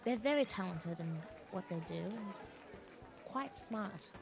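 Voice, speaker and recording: A woman voicing an eager young woman who flatters in a sugary, fawning way. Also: mid-range voice, a little slow, vocal fry.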